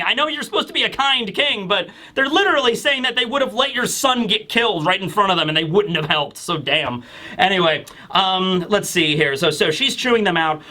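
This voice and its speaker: A man's voice: sits high, animated, moderate pace, bright, forceful tone. A young man giving a casual, rambling manga chapter recap, animatedly acting out quoted lines. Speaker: manga review YouTuber.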